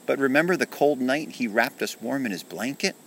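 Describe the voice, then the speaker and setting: A man voicing a gentle, loyal toy soldier who pleads and worries, in a storybook reading. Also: mid-range voice, expressive, fairly quick, slight background noise, pitched above the performer's own voice, natural voice, low-quality recording.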